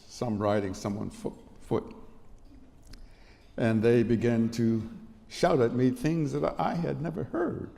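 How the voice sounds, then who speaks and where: A man's voice: on the low side, gravelly, dark tone. A man in his eighties giving an emotional speech at an award event, telling stories with repetitions. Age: 80s. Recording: long hall reverb.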